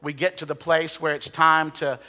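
Male preacher, somewhat high and bright voice, dramatic hushed-to-excited storytelling, reverberant sanctuary. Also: moderate pace. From United States. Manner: dramatic storytelling, dropping to hushed tones and rising to excited bursts. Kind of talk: sermon storytelling. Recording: long hall reverb.

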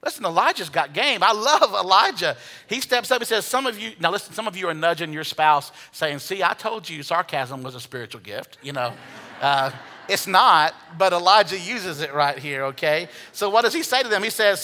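A man preaching a sermon as pastor, swinging from hushed asides to loud, animated calls and leading the congregation to repeat phrases. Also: sits high, moderate pace. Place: church sanctuary. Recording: long reverb of a large hall.

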